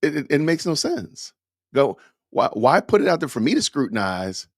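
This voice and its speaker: Reacting to a news clip, an Atlanta podcast host delivers scolding, emphatic commentary in a preacher-like rhythm. His mid-range voice is very animated at a normal speed, and the studio-quality recording has no room sound.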